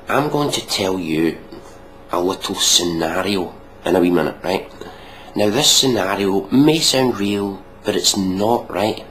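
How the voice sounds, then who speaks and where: A man's voice: deep voice, unhurried, a bit bright, a little hiss or hum, rough recording. A man giving mocking, sweary reaction commentary on a video, ranting sarcastically.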